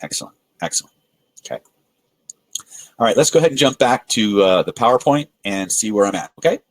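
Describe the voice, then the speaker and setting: A man's voice: on the low side, fairly quick, dry recording, poor audio. A man presenting a live webinar on persuasion, telling stories and acting out the people in them, with frequent restarts. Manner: animated storyteller acting out quoted voices, frequent filler restarts. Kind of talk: live webinar teaching with storytelling.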